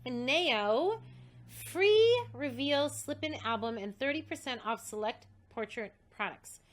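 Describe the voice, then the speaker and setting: A woman host excitedly reading out a list of prizes, coughing and short of breath. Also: high-pitched, a little slow. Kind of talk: casual livestream announcement.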